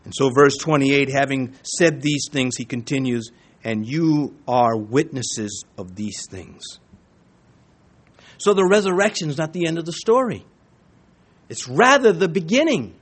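A male pastor preaching a sermon, emphatic, swinging between quiet asides and raised exhortation. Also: medium pitch, animated, unhurried.

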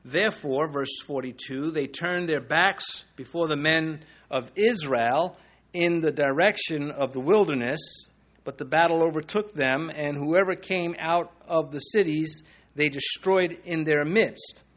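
A middle-aged man gives a relaxed, verse-by-verse Bible lesson, his voice sitting a little high for a man. He reads scripture steadily and then slips into easygoing commentary, full of fillers and restarts. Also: unhurried. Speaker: Bible teacher.

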